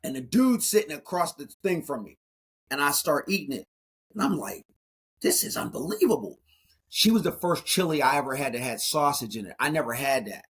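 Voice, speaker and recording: A man in his forties, a guest speaker in an interview, telling his life story in an animated way and acting out the dialogue. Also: on the high side, a little fast, breathy edge. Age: 40s.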